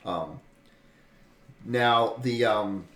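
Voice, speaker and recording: A man's voice: lowish voice, extremely slow. A man narrating as game master, rambling and full of fillers. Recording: echoey room, faint noise.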